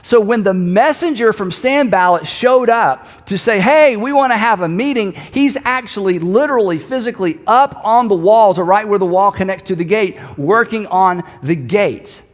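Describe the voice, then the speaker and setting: A middle-aged man delivers a sermon with a fairly high voice, loose and conversational in his storytelling. He turns emphatic on repeated key lines. His voice carries a long reverb tail from a large auditorium. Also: lively intonation, moderate pace, hardly any pauses. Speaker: pastor.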